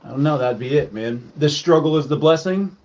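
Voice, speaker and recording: A man's voice: a little high, lively intonation, fairly quick, darkish tone. A man hosting a casual livestream, rambling loosely with lots of fillers and swearing. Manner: loose, profane, filler-heavy. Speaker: livestream host.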